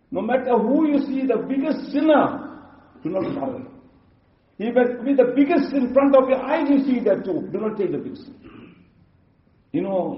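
A man giving a sermon and telling stories, his delivery rising and dropping suddenly. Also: sits high. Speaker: preacher. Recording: distant, echoey, muffled.

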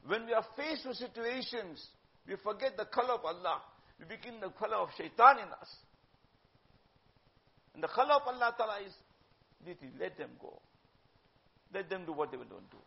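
A high-pitched man with a gravelly edge preaches to a gathering. He presses his points loudly, then drops to near-whispered asides, weaving in Urdu phrases. The recording is dull and lo-fi. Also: animated, moderate pace, pauses often. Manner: emphatic, swings from loud to hushed, mixes in Urdu phrases. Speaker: religious teacher. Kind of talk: sermon-style religious talk.

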